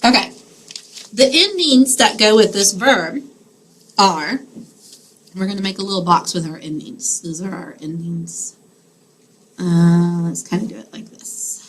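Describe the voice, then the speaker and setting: A woman's voice: medium pitch, unhurried, pauses often, husky, poor audio. A woman teaching a Spanish grammar lesson in a classroom, explaining patiently step by step and checking in with her students.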